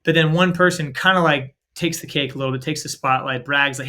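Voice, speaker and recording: On his faith-based podcast, a male co-host keeps a brisk, energetic, upbeat, casual pace, his voice a little high, bright, and forceful. Fillers such as "like" and "right?" pile up, and he acts out small exchanges along the way.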